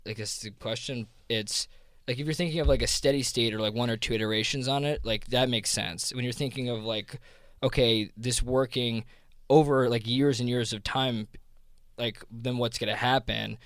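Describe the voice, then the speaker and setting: With a medium-pitched, fairly even, slightly bright voice at a moderate pace, the man is recorded dry in studio quality. He's a crypto fund co-founder with a South Jersey accent, guesting on a podcast and explaining ideas in a loose, rambling style, heavy on "like" and full of restarts.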